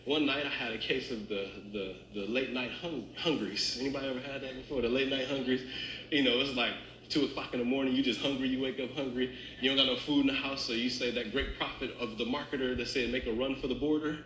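A man preaching a sermon as pastor, telling humorous stories and speaking straight to the congregation in a lively, conversational way. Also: medium pitch, fast talker, a little hiss or hum. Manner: animated, conversational, addresses congregation directly. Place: church sanctuary. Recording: roomy church echo.

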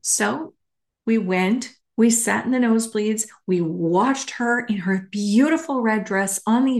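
A woman hosts her own podcast in a casual solo monologue. She talks at an unhurried, drawn-out pace with a mid-range pitch, stressing her points and dropping the odd casual curse. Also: a little mellow. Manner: emphatic and candid, swears casually. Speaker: podcast host.

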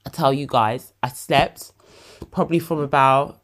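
A woman's voice: rumbling low, fairly even intonation, a little slow. A young woman hosting her own podcast, chatting casually and openly, laughing often and calling her listeners babe. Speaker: podcast host. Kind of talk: casual solo podcast chat.

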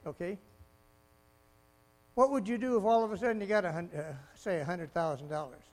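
A man preaching a sermon in an animated way, swinging from loud exclamations to quiet asides and laughing often. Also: high voice, fairly quick. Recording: mains hum behind the voice.

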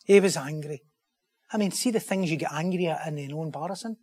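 A man preaches a sermon in a voice pitched a little above the usual male range. He talks with rising passion and presses his listeners with loud, emphatic rhetorical questions. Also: quick pace, husky.

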